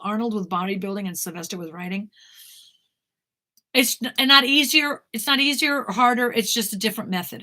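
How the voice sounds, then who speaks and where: A woman's voice: on the high side, pushed and bright. A woman, a talent manager, bluntly answering viewer questions in a casual live Q&A, swearing now and then.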